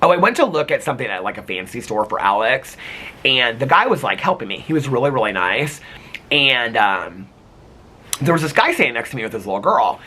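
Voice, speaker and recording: A man's voice: mid-range voice, sing-song, a little fast, pushed and bright, breathy edge. A man vlogging casually to camera, telling a chatty, gossipy story full of "like" and quoted dialogue.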